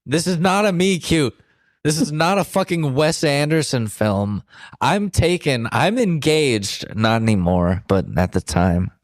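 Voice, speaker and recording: A man's voice: fairly high pitch, expressive, measured pace, no echo, clean studio sound. A young man co-hosting a podcast, telling a candid story in a blunt, profane, self-deprecating way. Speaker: podcast co-host.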